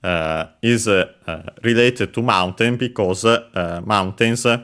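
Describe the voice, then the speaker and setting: Playing a game, this man teaches Japanese words in an unhurried, lowish voice with a fairly bright tone. A language teacher by trade, he's methodical yet hesitant and fills pauses with plenty of filler sounds.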